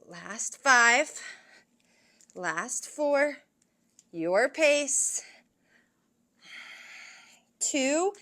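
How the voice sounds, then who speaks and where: This yoga and fitness instructor is a young woman whose slightly high voice has a fairly bright tone. Running a yoga and strength workout, she cues each move and counts reps to spur listeners on, occasionally short of breath.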